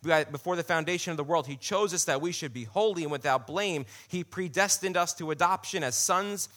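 Bright-voiced man preaching a sermon. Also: fairly high pitch, a little fast. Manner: conversational preaching, repeats phrases for emphasis.

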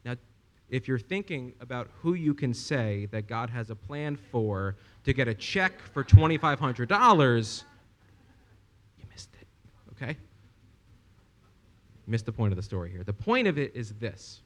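A young man preaching a sermon, telling a story with lively asides and rhetorical questions to the congregation. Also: mid-range voice, moderate pace.

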